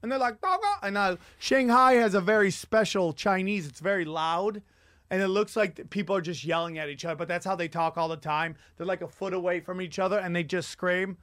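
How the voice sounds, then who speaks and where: A man hosting a casual podcast, telling rambling, profane stories with animated energy. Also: sits high, fairly quick, no echo, studio quality. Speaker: podcast host and comedian. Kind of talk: crude casual chat.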